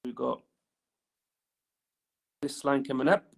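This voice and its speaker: A male teacher talks his class through a drawing exercise on the board, with a gravelly, creaky voice at a middling pitch. He keeps asking "right?" as he draws and explains. He sometimes turns away from the mic. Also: fairly even intonation, takes it slowly. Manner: talks while drawing on the board, lots of "right?" tag questions. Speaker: engineering teacher. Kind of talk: classroom lesson.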